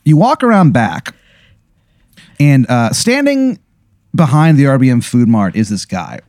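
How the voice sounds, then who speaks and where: A man's voice: mid-range voice, sing-song, a little slow, a little mellow, dry recording, clean studio sound. A man casually spinning a rambling hypothetical story, full of "like" and "you know what I mean.". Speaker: host telling a hypothetical.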